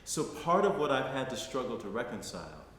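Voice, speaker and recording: With a medium-pitched, slightly bright voice, a middle-aged man from the United States speaks a bit fast in a sing-song way. He's guest lecturing to a live audience, recounting personal stories and often asking "right?". Echo and faint noise fill the lecture hall recording.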